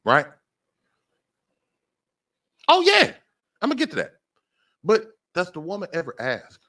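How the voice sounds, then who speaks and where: Animated, bright-voiced male podcast host. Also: sits high, a little slow, long pauses. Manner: emphatic, repeats phrases for stress. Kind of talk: impassioned monologue.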